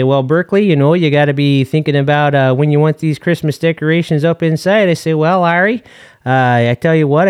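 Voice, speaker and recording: Comedy podcast caller bit: a man as a corny, rambling family man, folksy and full of fillers, mid-pitched, dry close mic. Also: darkish tone, no echo, close to an everyday voice. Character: folksy rambling married dad caller, long-winded and corny. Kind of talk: comedic call-in character bit.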